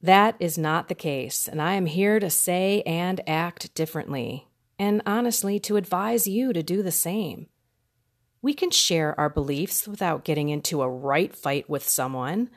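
A woman's voice: lowish voice, a little slow. A middle-aged woman hosting a podcast, telling her personal faith testimony in an earnest, conversational way with emphatic repetition. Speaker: podcast host.

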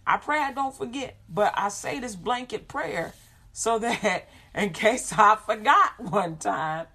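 A woman giving an informal sermon, animated, acting out quoted voices and laughing often. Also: mid-range voice, takes it slowly, husky.

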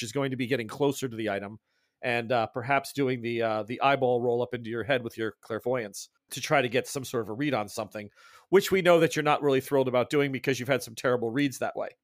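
A man's voice: medium pitch, dry recording, clean studio sound. A man running a tabletop horror game as game master, rambling with lots of restarts and asides.

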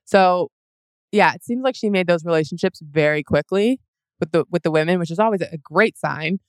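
A woman's voice: fairly low pitch, moderate pace, clean tone, no room sound. A young woman co-hosting a podcast, rambling through stories in casual chat, full of "like". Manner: rambling storyteller, lots of "like". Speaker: podcast co-host.

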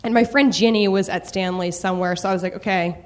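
A woman's voice: mid-range voice, steady tone, fast. A young woman telling a candid, profane personal story on stage, building to comic rants.

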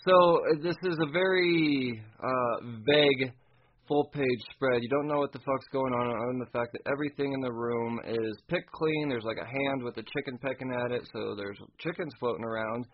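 A man talks through a comic book chapter in a loose, profane way, laughing at bits as he goes. His voice sits at an ordinary middle pitch. The recording sounds dull and lo-fi. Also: normal speed, a little hiss or hum. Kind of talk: casual recap chat.

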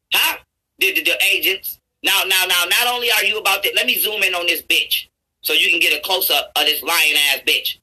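A man YouTuber in an angry, profane rant, stammering and restarting his words and building up to shouts. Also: sits high, rough recording. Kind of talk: angry ranting commentary over a played clip.

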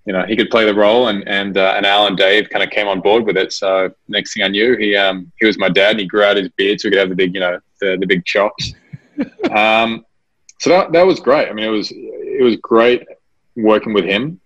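Low-voiced man on a dull, lo-fi line. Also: steady tone, moderate pace, fairly bright tone. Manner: hesitant, many restarts and fillers. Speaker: actor being interviewed. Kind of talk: casual interview chat. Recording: dull lo-fi recording.

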